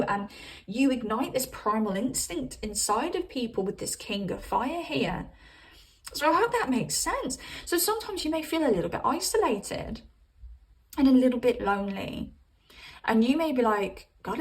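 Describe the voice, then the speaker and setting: A woman's voice: a little high, distant mic, low-quality recording. A woman giving a casual tarot reading, chatty and rambling, cursing casually and calling her viewers babes. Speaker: tarot reader.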